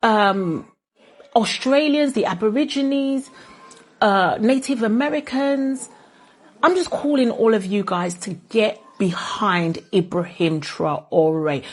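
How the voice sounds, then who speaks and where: A woman's voice: medium pitch, slow. A woman with a Ghanaian accent giving impassioned, indignant commentary full of rhetorical questions. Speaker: health video creator.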